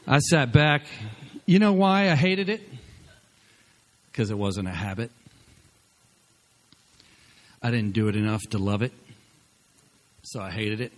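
A male pastor preaching a sermon, exhorting the congregation with energy and swinging between loud bursts and quiet asides. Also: fairly low pitch, lively intonation, moderate pace, long pauses.

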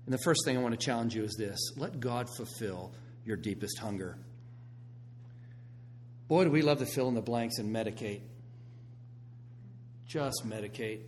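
Middle-aged man, pastor, sermon, lively storytelling, loud then hushed, faint hum behind. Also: mid-range voice. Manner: animated storytelling, swings between loud and hushed.

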